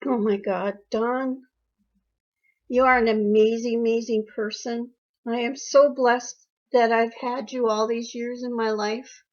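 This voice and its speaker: A woman's voice: a little high, fairly even intonation, unhurried. An older woman being interviewed about her daughter, telling family stories in a fond way and repeating phrases. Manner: warm storytelling, emotional, repeats phrases. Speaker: interviewee, mother. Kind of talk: reminiscing interview. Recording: dull lo-fi recording.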